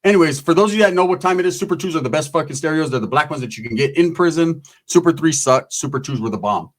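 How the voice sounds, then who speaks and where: A man's voice: fairly high pitch, expressive, fast. Profane rambling male storyteller. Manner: profane, rambling, slang-heavy. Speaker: comedic storyteller. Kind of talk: casual comedic storytelling.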